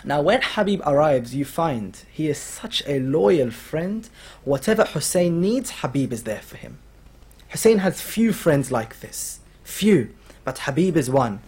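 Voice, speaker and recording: In a lecture hall, a male religious speaker delivers a mourning sermon, telling a story and quoting its figures with rising emotional intensity. His voice is fairly high, husky and darkish, with big pitch swings at a measured pace.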